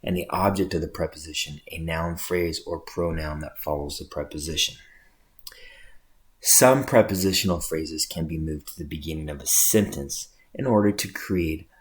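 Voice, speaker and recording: A man's voice: rumbling low, normal speed. A man teaching English composition in a recorded lecture, explaining patiently and often checking in with "right?".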